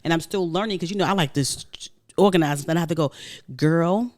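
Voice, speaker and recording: A woman's voice: low voice, quick pace. A woman co-hosting a casual talk podcast, telling playful stories about home life. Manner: lively storyteller, playful, laughs often. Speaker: podcast co-host.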